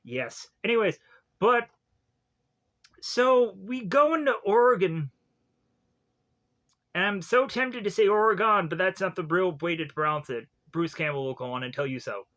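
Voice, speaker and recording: A man's voice: high voice, normal speed, pauses often, a bit bright. A man from Georgia with a Southern US accent, reviewing a movie in a rambling, joking monologue full of asides. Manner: rambling, jokey asides and silly voices.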